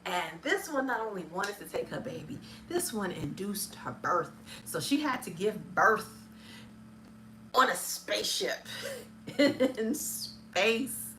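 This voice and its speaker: A film reviewer hosts a casual movie review chat, rambling in a friendly way, stumbling over words, filling gaps with lots of ums and laughing often. Her medium-pitched voice is very animated, slow, bright and forceful. There's a little hiss or hum.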